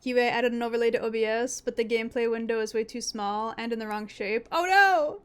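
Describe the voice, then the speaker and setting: A young woman streaming a game, chatting casually, excitable and playful, swearing often. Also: a little high, quick pace, clean tone. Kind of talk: casual gaming commentary.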